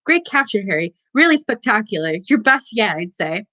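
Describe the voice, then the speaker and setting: A cheerful young male team captain, voiced by a woman reading a storybook aloud, giving praise with a grin. Her voice stays bright. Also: medium pitch, sing-song, moderate pace. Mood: pleased. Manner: grinning praise.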